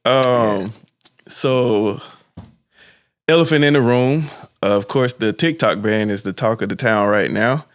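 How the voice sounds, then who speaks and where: A man hosting a casual podcast chat, animated and swearing freely. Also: mid-range voice, slow, slight background noise. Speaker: podcast host.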